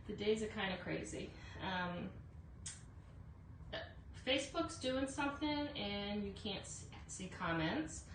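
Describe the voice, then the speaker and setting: A woman's voice: mid-range voice, animated, slow pace, a bit bright. A woman hosting a casual live craft demo, chatty, greeting viewers by name with lots of fillers. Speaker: craft livestream host. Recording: echoey room, voice from a distance, faint noise.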